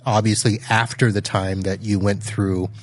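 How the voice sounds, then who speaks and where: A man's voice: fairly low pitch, flat delivery, moderate pace, a little hiss or hum. A man hosting a podcast, easygoing and joking at his own expense as he wraps up an interview. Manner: easygoing, laughs at himself. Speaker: podcast host. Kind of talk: conversational interview.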